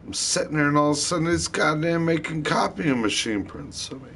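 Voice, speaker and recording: A man's voice: on the high side, lively intonation, fairly quick, creaky, hardly any pauses, a bit bright, slight background noise. Man in a rambling, profane monologue. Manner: profane, wandering storytelling.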